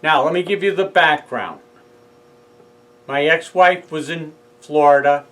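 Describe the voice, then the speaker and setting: A middle-aged man, New York accent, tells the story of a legal case in a casual monologue, taking both roles in a heated phone argument. He speaks at a measured pace with a fairly high, fairly bright voice over a low-quality recording.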